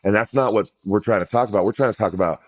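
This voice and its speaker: A man hosts a podcast, putting direct questions to his guest in a casual, chatty interview. His voice is lowish and he talks very fast.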